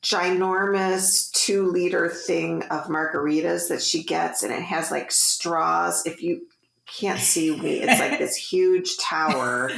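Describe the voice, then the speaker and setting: Woman, forties, low voice, gravelly, echoey room, chatty storyteller. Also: takes it slowly, a bit bright. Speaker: podcast co-host. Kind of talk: casual chat.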